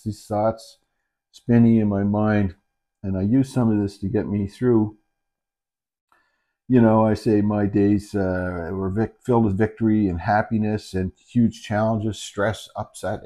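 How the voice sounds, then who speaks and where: A middle-aged man, a dementia caregiver, talking candidly and haltingly in a reflective personal video, with many restarts. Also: on the low side, dark tone. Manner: earnest and candid. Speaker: dementia caregiver and channel host. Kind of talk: reflective personal talk to camera.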